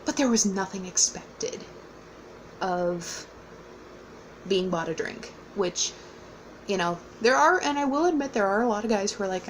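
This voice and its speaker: A woman's voice: mid-range voice, measured pace, long pauses, a little hiss or hum, low-quality recording. A young woman casually telling a personal story, rambling with fillers and laughing often. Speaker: vlogger.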